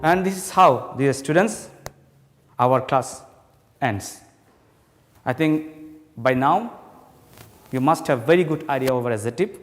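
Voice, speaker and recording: A male teacher giving a slow classroom lesson, explaining and repeating each point. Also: mid-range voice, lively intonation, long reverb tail, faint music behind.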